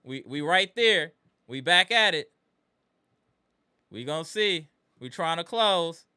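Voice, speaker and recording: Bright-voiced man hosting a live sports reaction. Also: fairly high pitch, expressive, slow pace, clean tone. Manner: greets chat viewers by name, swings between weary muttering and heated ranting. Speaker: live-stream host.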